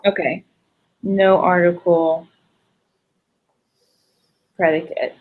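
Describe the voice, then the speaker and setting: A woman's voice: fairly low pitch, fairly even intonation, very slow, phone-quality sound, a little hiss or hum. A woman student in a tutoring session, thinking aloud and asking hesitant questions.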